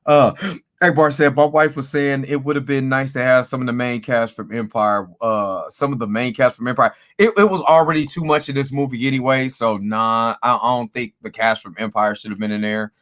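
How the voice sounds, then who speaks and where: A man's voice: mid-range voice, a little fast. Rambling man giving a casual movie review. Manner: rambling, animated, repeats himself, many fillers.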